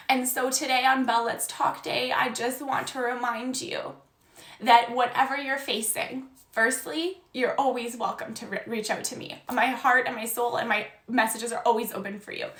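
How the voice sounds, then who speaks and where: A woman's voice: a little high, a bit bright. A young woman, a life coach, giving an earnest, encouraging message on a live stream. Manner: earnest and encouraging, reading viewer comments aloud. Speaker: life coach and podcast host. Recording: echoey room.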